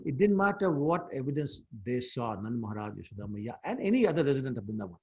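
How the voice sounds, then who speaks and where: Husky-voiced man telling scripture stories. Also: medium pitch, fast talker. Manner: animated storytelling, mixing in Hindi words. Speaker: scripture class teacher. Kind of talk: storytelling scripture lesson.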